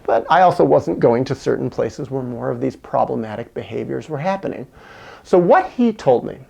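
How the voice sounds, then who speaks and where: Gravelly-voiced male vlogger, earnest reflective storyteller. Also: medium pitch, animated, normal speed, mellow. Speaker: video essayist. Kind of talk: reflective personal monologue.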